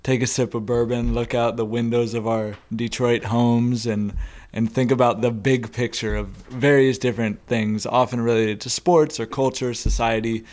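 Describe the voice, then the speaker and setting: A young adult man co-hosting a casual podcast, talking in a halting way with many ums and restarts. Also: mid-range voice, flat delivery, darkish tone. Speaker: podcast co-host.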